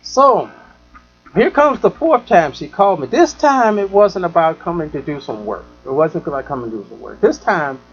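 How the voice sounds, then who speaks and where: A talk show host tells a story in a fairly high, lively voice, rambling and dotted with "you know". He slips into the voices of the people he talks about. The audio is dull and lo-fi, like a live web stream. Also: moderate pace, soft background music. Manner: rambling, full of "you know", acts out the people in his stories. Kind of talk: casual storytelling monologue.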